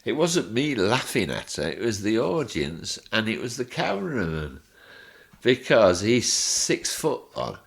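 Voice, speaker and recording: A man with a very deep voice tells a backstage anecdote as a podcast guest. His pitch swings widely as he acts out the scene and breaks into chuckles along the way. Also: measured pace, gravelly. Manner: animated, laughing storyteller acting out voices. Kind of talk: podcast interview storytelling.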